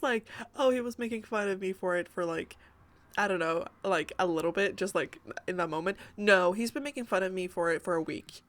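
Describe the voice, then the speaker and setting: A young woman chatting casually in a voice-over, rambling with lots of fillers and frequent giggles. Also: medium pitch. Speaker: Sims builder and YouTuber. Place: home room by day.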